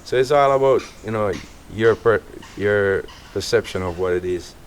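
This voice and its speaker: A middle-aged Jamaican man, an artist as guest, telling stories in a relaxed casual interview. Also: fairly low pitch, normal speed, a little hiss or hum. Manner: relaxed, animated storytelling with quoted voices.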